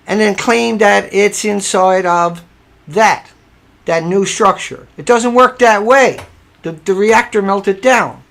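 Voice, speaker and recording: A man's voice: high-pitched, animated, a little slow, creaky, a bit bright. A man hosting a live stream, insisting on his point and repeating himself, often breaking off to fix audio trouble. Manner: distracted while fixing audio, trails off. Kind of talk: livestream commentary.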